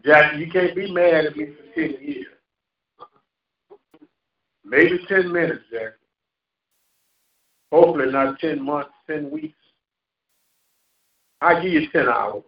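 A male pastor preaching a sermon with call-and-response, laughing at times and rising into shouts. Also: on the high side, very animated, a little slow, creaky, pauses often. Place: church sanctuary. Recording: echoey church hall, lo-fi. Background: congregation responding.

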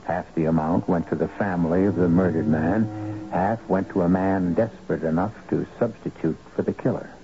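Deep gravelly radio drama narrator. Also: male voice, steady tone, background noise. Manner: dramatic, measured. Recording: dull old radio broadcast.

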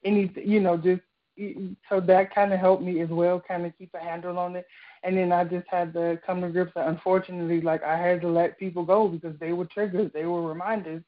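Give me a young woman talking casually on a radio show, animated, a bit muffled. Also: fairly low pitch, brisk. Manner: animated storytelling with many fillers. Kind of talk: casual chat. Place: radio studio. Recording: muffled radio broadcast audio.

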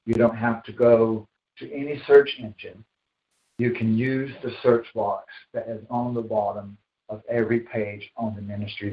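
A man preaching a sermon as pastor, slow and emphatic, repeating phrases for weight. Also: on the low side. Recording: echoey, dull sound from far off the mic.

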